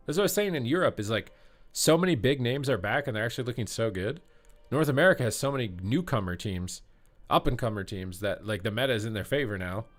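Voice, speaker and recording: A man casting a live esports broadcast, chatting with the stream chat and calling the action play by play. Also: medium pitch. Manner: excitable, chatty, reads out chat. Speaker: esports caster. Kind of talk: live game commentary.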